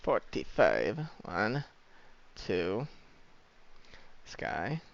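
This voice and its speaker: Brief: male game master, gravelly, casual, dull lo-fi mic. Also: low-pitched, wildly swooping pitch, very slow, no echo. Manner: casual, swearing, distracted by a cat. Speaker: dungeon master. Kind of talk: running a tabletop game over voice chat.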